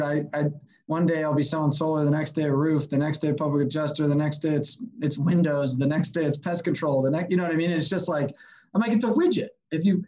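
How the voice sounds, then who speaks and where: A man, a sales consultant guest, telling stories in a casual, energetic way and acting out the people he quotes. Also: on the high side, highs cut off. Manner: energetic, animated, acts out quotes. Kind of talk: casual storytelling.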